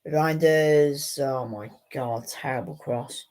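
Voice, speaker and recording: Woman, deep voice, slow delivery, live football reaction, frustrated, swearing. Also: a little mellow, rough recording. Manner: exasperated, swears often, talks to herself. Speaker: football watchalong streamer. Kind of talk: live match reaction commentary.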